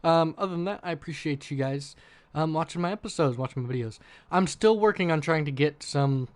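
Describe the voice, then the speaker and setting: A man with a slightly high voice hosts a gaming stream, chatting loosely about his basketball franchise. He rambles with fillers and restarts as he plays at home. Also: fairly quick. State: hiccuping. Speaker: gaming channel host. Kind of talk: casual gameplay commentary.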